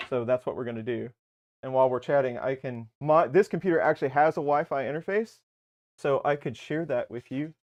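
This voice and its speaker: A man's voice: medium pitch, a little mellow, highs cut off. A man co-hosting a casual tech livestream from a home basement, rambling and correcting himself as he explains things step by step. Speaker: livestream co-host. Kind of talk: casual live tech chat.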